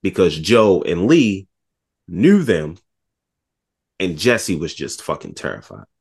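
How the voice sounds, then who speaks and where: A man chatting casually about a movie, retelling scenes with animated voices and lots of swearing. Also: low-pitched, slow, creaky, husky. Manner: animated storytelling, acts out scenes, swears a lot. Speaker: podcast co-host.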